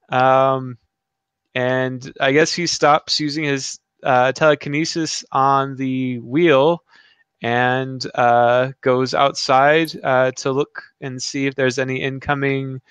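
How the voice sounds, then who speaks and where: A man's voice: mid-range voice, flat delivery, slow pace, a bit bright, clear, resonant tone, no echo. A man playing a tabletop game, hesitant and full of ums. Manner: hesitant, many ums and uhs. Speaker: player.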